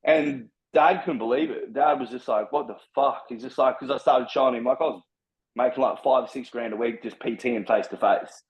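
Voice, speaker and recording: A young Australian man, a personal trainer, telling his story in casual chat, blunt and full of swearing. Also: medium pitch. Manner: blunt, heavy swearing, fast and driven. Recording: slightly dull lo-fi sound.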